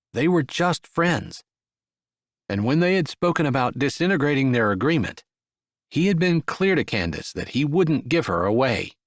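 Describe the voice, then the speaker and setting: Expressive male audiobook narrator. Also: mid-range voice, dry recording, studio quality. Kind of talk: scripted narration.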